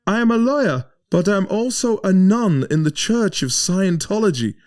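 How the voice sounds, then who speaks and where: A man's voice: animated, darkish tone. A man putting on the voice of a commanding German woman who takes charge. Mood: bossy. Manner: high, emphatic, deliberate mimicry.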